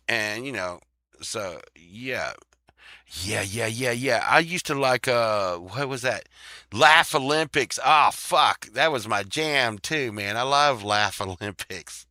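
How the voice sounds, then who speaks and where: A man's voice: mid-range voice, animated, slow pace, sharp tone, dry recording. A man hosting a show in casual chat, rambling, swearing freely and laughing often.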